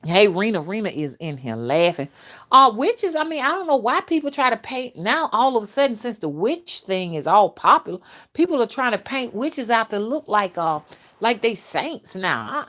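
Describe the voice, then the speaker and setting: An older woman hosting a casual live stream, talking bluntly and loudly to her viewers and laughing often as she reads their comments. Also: mid-range voice, sing-song, normal speed. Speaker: spiritual reader and live-stream host.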